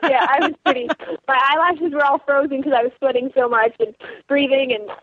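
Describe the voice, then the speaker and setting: A teenage girl racing sled dogs, telling her story in an animated way with lots of "like" and quoted thoughts. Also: high voice, a little fast, dry recording. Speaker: dog sled racer, interview guest. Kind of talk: storytelling over the phone. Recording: tinny phone line.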